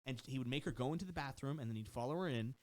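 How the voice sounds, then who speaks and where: A man's voice: mid-range voice, very fast. A man on a podcast telling a long story in a casual, profane way, often mimicking the people in it. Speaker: guest, personal trainer. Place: podcast studio.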